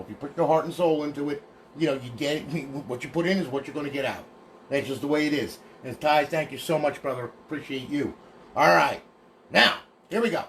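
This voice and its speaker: A man's voice: on the high side, fairly bright tone, slight background noise. A man casually walking through modded game consoles on a livestream, chatty and folksy, thanking each buyer by name.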